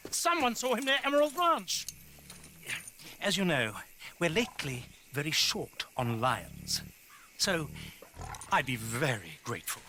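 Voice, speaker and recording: A man's voice: high voice, pushed and bright, slight background noise, heavily acted. An actor playing a flamboyant male circus showman with an English accent, speaking in a theatrical, pompous manner. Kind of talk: video game cutscene acting.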